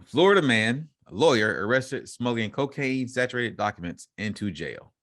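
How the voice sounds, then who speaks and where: A man's voice: mid-range voice, animated, normal speed, fairly bright tone, no room sound. A man co-hosting a casual podcast, reading news stories aloud and joking and laughing between them. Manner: reads headlines, then riffs and laughs between lines. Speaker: podcast co-host.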